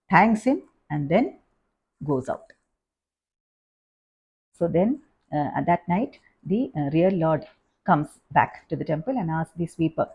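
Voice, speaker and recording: A woman teaching a devotional lesson, telling a scripture story in a halting, pausing way. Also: low-pitched, creaky, mellow, husky. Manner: halting, with frequent pauses and fillers. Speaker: spiritual teacher.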